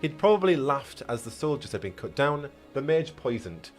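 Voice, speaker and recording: A man's voice: mid-range voice, big pitch swings, moderate pace, soft background music. A man reading a fantasy story aloud on a live stream, often stumbling and rereading with chatty asides.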